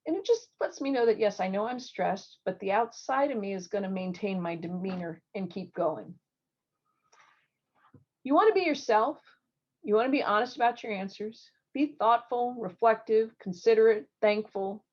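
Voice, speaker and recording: Lively middle-aged woman surgeon giving advice. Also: mid-range voice, moderate pace. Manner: lively storytelling with acted quotes. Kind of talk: online talk. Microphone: video call. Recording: dull lo-fi video call audio.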